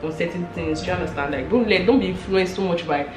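A woman's voice: fairly low pitch, fast. A young woman, chatting casually and laughing often as the roommate guest. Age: young adult. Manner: animated and laughing, with frequent fillers. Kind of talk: casual chat. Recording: roomy room with background noise.

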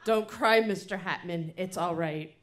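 A woman's voice: fairly low pitch, unhurried, fairly bright tone. A woman voicing an earnest, chirpy schoolboy from a children's story. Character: eager helpful schoolboy.

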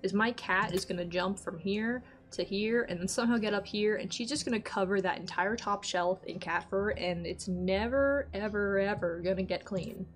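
A woman's voice: medium pitch, normal speed, few pauses. A woman streaming a game, chatting casually to herself and her viewers and getting exasperated now and then. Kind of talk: casual let's-play chat.

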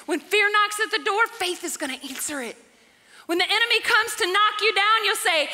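A woman pastor, preaching a lively sermon that swings from soft talk to shouts, often laughing. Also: very high voice, moderate pace. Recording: live church hall reverb with music.

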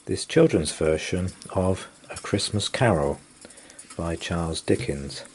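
A man reading a children's bedtime story aloud, gentle and expressive, giving the characters their own voices. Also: sits low, takes it slowly, slight background noise.

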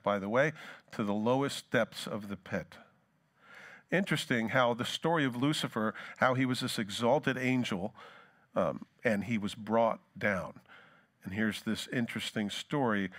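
A male pastor preaching a sermon, reading scripture dramatically and talking to the congregation in casual asides. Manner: dramatic scripture reading, rising loud then dropping low.

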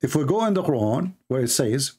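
A man's voice: mid-range voice, big pitch swings, fairly quick, dark tone, slightly rough. A man giving mocking, polemical commentary as a religious debater, sarcastic and taunting.

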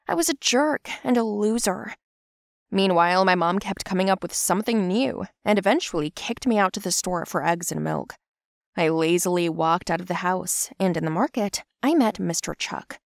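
A young woman from Central Asia narrating her own animated story in an expressive, dramatic way. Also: fairly low pitch, moderate pace, no echo, clean studio sound. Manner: expressive, dramatic, shouty at peaks.

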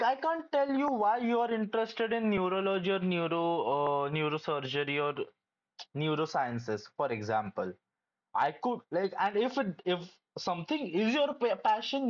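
A young adult medical student giving casual, hesitant advice with many pauses and restarts. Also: medium pitch, dull audio.

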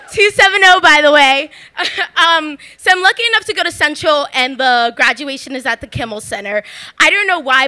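A woman's voice: high-pitched, sharp tone. A young woman from Philadelphia telling a comic personal story on stage at a story slam, chatty and full of "like" fillers, laughing often. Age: young adult. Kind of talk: live comedic storytelling. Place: live story slam at a bar venue.

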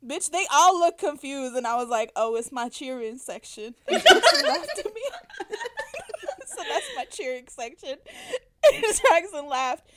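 Woman cohost, high swoopy voice, acts out every quote, laughs a ton. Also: unhurried, heavy background noise. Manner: animated storytelling, acts out quotes, laughs often, swears. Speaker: podcast co-host. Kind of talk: casual chat.

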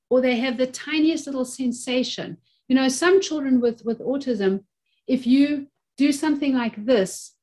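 This high-pitched, slightly mellow voice belongs to a woman in her fifties. An occupational therapist, she's a guest in a webinar interview, speaking earnestly over a video-call microphone and repeating phrases to underline her points.

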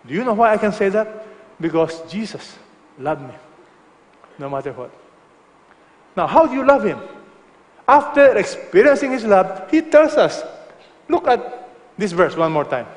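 A male pastor preaching a sermon emphatically, dropping to soft, low tones for effect. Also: very animated, moderate pace, long pauses, long reverb tail.

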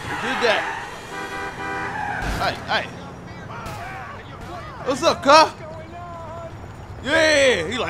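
A man giving loud, profane, playful commentary over a video game he is playing. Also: extremely high pitch, big pitch swings, very slow, long pauses, noisy background. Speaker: gameplay streamer. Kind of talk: excitable gameplay commentary. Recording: game sound playing underneath.

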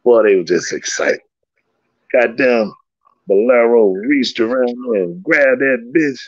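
An animated, gravelly man with a mid-range voice takes his time recounting old stories as a guest. He swears, laughs often, and reenacts dialogue in this casual storytelling, recorded with no room sound and slightly dull lo-fi audio.

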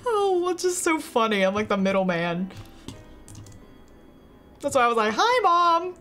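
Over game music, this young streamer chats casually to her audience while playing, giggling a lot along the way. She speaks at a normal speed in a slightly high voice that swings widely in pitch.

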